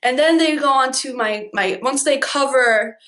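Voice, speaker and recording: A woman's voice: high-pitched, normal speed, bright, forceful tone. A young woman telling a dramatic, profane storytime vlog, laughing as she goes. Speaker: vlogger.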